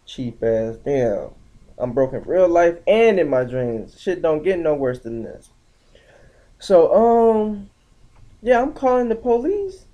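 Slangy, animated young man telling a story. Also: fairly high pitch, slow pace, dull audio. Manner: animated, slangy, acts out quotes in shifting voices. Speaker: vlogger. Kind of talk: casual storytelling vlog.

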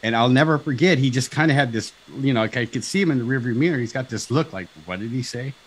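Fifties male guest, storyteller, animated, voices the other people in his story, average pitch. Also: fast, slight background noise, low-quality recording. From Southern California. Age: 50s. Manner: animated, acts out dialogue, frequent "right?" and "like". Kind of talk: personal storytelling on a talk show.

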